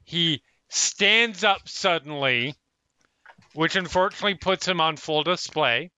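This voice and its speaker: A man's voice: on the high side, measured pace, sharp tone, clean tone, no room sound. A man running a tabletop game as dungeon master, narrating with amusement and frequent laughs.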